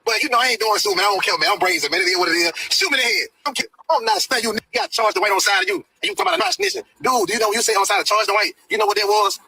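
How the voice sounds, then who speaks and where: A man ranting live on his stream in profane street slang, pushing his voice high for emphasis. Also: racing, few pauses, bright, forceful tone, slight background noise, rough recording. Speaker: live streamer reacting to a rap video.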